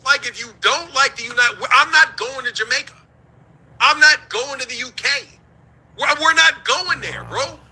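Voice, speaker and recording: A man's voice: very high voice, expressive, normal speed, sharp tone, slightly rough, poor audio. A man from the United States hosting a show, ranting in heated, profane commentary and laughing between his points.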